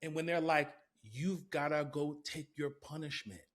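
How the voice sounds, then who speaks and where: A man hosting a relaxed movie review conversation, his voice sitting a little high for a man. He speaks thoughtfully, then builds into emphatic, heartfelt bursts. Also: moderate pace. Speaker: podcast host. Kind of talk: casual movie review chat.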